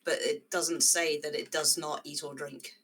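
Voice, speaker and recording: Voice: medium pitch, level tone, normal speed, a bit bright, breathy edge. A tabletop game player hesitantly describing what their character does.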